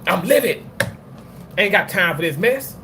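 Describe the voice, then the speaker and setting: Animated, swearing man on a livestream. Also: sits high, measured pace, noisy background. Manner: animated, profane, laughs often; talks back to chat comments. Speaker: livestream host. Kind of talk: casual livestream chat.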